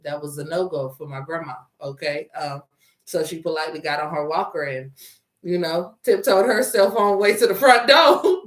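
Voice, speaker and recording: A woman's voice: fairly low pitch, fairly bright tone. A woman co-hosting a podcast in casual chat, laid-back, laughing often and full of slang. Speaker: podcast co-host. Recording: echoey room, mic at a distance.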